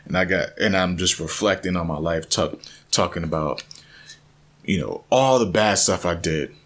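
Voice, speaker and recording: Earnest low-voiced man telling a story. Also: moderate pace. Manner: earnest, animated, frequent restarts and repeats. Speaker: vlogger. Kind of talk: personal storytelling.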